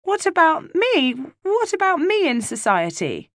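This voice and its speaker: A woman narrator puts on a young girl in a storybook, jealous and close to tears. The voice sits high above her own and begs in a thin, plaintive way. The sound is dry and close. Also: wildly swooping pitch, measured pace, dry recording, full character voice.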